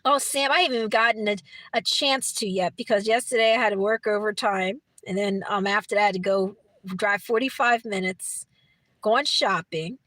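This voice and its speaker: This woman's mid-range voice is a bit bright, at a moderate pace, with no echo. A middle-aged livestream host from Brooklyn, New York City, she speaks with a New York accent as she reads chat and talks casually with viewers. Her talk rambles, with restarts and frequent laughs.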